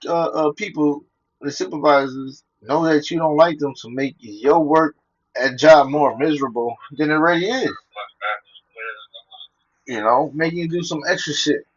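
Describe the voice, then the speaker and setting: A man's voice: a little high, normal speed, lo-fi sound. A man talking casually and profanely, telling personal stories and quoting scripture, laughing between his points.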